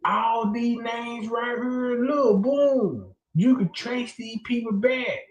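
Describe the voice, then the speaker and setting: A man's voice: extremely high pitch, reverberant. A man hosting a livestream, giving crude, mocking, profane commentary. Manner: mocking, profane, drawn-out delivery. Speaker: livestream host.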